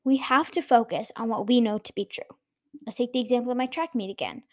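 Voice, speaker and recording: A woman's voice: fairly high pitch, brisk, darkish tone. A young woman hosting her own podcast, talking casually and earnestly, encouraging her listeners directly. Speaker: podcast host. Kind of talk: casual solo podcast talk.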